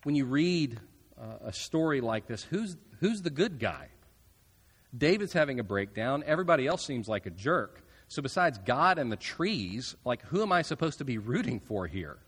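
A man preaching a sermon, earnest with casual asides, trailing off softly at the ends of phrases. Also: mid-range voice, sing-song, moderate pace, breathy edge, long reverb tail. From United States. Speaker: pastor.

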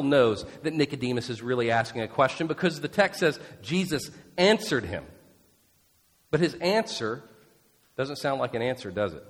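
A pastor preaches to his congregation with a slightly raised, very animated voice that rises and falls as he stresses each point. His emphatic delivery leans on rhetorical questions, and his words ring out with a long reverb through a church sanctuary. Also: a little high. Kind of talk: sermon.

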